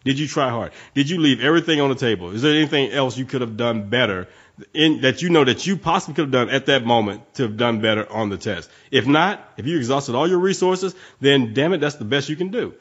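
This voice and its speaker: A man's voice: medium pitch, lively intonation, fast talker, fairly bright tone, breathy edge. A man talking emphatically and swearing casually as a guest on a podcast, speaking as a parent. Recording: dull lo-fi audio.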